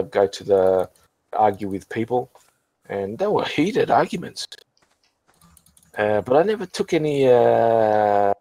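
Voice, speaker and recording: A low-voiced man talks casually on a call, clearly drunk. He rambles, restarts his sentences and swears freely. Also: dark tone, dry recording, low-quality recording. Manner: rambling, stumbling, many restarts and profanity. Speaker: channel host. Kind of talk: casual chat on a group voice call.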